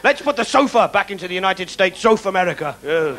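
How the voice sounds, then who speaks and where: A man's voice: high voice, animated, fast talker, poor audio. A British man doing sardonic stand-up comedy as a mock tour guide. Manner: sardonic, jokey, puts on shouted voices for bits.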